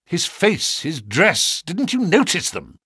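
Guy doing a sharp impatient victorian detective, husky voice, very lively delivery. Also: a little high, dry recording, studio quality, voice pushed up, heavily acted. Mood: brisk. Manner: crisp, quick and commanding. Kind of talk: audiobook character reading.

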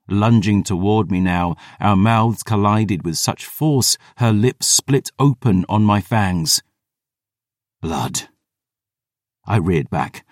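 A man giving a dramatic audiobook narration, measured and intense, with slow emphatic beats. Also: on the low side, a little mellow, dry recording, studio quality.

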